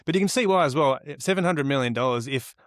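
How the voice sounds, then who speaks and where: A man's voice: mid-range voice, expressive, quick pace, no echo. Chatty Australian man, dry close sound. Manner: chatty, laughs easily, rambling explanations. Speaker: podcast co-host. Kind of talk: casual chat.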